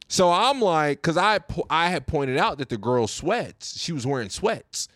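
Animated profane man ranting on his podcast. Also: on the high side, unhurried, hardly any pauses, no echo, studio quality. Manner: profane, animated, repeats himself. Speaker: podcast host. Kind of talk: casual rant.

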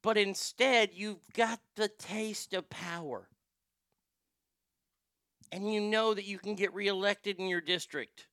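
A male host rants through profane, sarcastic commentary with plenty of heat. His voice is fairly high for a man, bright and crisp, and it sounds dry and close to the mic. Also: steady tone, slow, pauses often, no echo. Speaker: show host. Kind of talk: ranting commentary.

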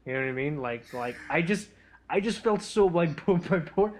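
A man's voice: fairly high pitch, lively intonation, moderate pace. A man co-hosting a casual podcast chat, telling a rambling, profane, self-deprecating story. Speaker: podcast co-host.

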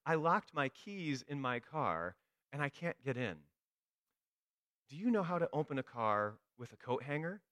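A man's voice: medium pitch, very animated, measured pace, a bit bright, no echo, clean studio sound. A man voicing a frail, trusting elderly woman, pleading in a raised voice.

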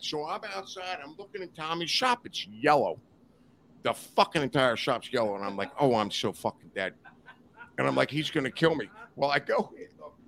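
There's vocal fry in this man's fairly high voice as he tells a wild, profane story on a podcast, laughing as he goes. Slight background noise sits under the casual, animated studio recording.

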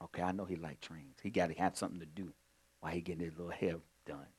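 A male pastor preaching in a conversational way, moving from quiet storytelling to loud, emphatic points. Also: low voice, fairly even intonation, fast talker, breathy edge. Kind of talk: sermon.

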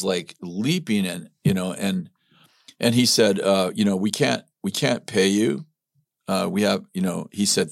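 A man's voice: low voice, gravelly, no echo, studio quality. A middle-aged man telling a personal story in a casual chat, animatedly acting out quotes with many restarts. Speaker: ministry leader telling his story.

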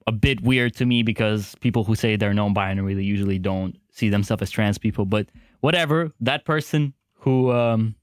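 A man's voice: on the low side, normal speed, dry recording, clean studio sound. A man co-hosting a podcast in casual group banter, rambling with restarts. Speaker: podcast co-host.

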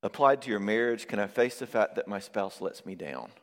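A man preaching a sermon on marriage, lively and conversational, acting out quoted voices now and then. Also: fairly low pitch, brisk. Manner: animated, acts out quoted voices. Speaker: pastor and therapist. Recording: long reverb of a hall.

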